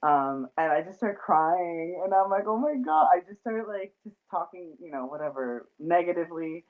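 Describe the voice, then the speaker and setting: Woman host, low-ish voice, rambling fillers, phone-line sound. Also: normal speed. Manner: chatty, lots of fillers and laughter. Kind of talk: casual chat.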